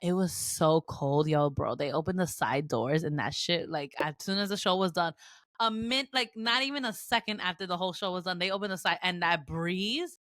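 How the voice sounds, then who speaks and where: A woman's voice: on the low side, moderate pace, fairly bright tone, dry recording, studio quality. A young woman co-hosting a podcast in casual chat, laid-back and swearing freely. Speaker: podcast co-host.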